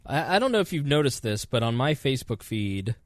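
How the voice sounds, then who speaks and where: Lively male podcast host, dry close mic. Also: mid-range voice, a little fast, no room sound. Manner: teasing, animated, laughs often. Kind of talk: casual pre-show banter.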